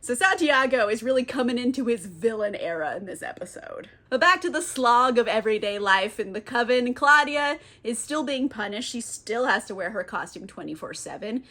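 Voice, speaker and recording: A woman's voice: a little high, animated, moderate pace, few pauses, pushed and bright. Chatty young woman recapping a show. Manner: chatty, frequent "like" fillers, casual swearing. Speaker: TV recap vlogger. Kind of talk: casual recap commentary.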